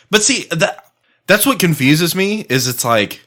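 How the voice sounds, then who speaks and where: A man's voice: fairly high pitch, big pitch swings, slow, gravelly, sharp tone. A man co-hosting a podcast, chatting casually over drinks, profane and laughing as he rambles. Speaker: podcast co-host.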